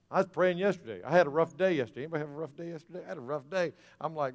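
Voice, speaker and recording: A man's voice: a little high, animated, very fast, hardly any pauses. A man preaching a sermon as pastor, folksy and rising to fervent emphasis. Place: church sanctuary. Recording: reverberant church hall, soft music.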